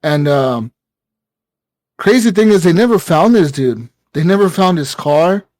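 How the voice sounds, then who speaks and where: A man co-hosting a gaming podcast, telling a story in casual chat, excitable and profane, with lots of fillers and acted-out quotes. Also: fairly high pitch, measured pace, no room sound. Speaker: podcast co-host.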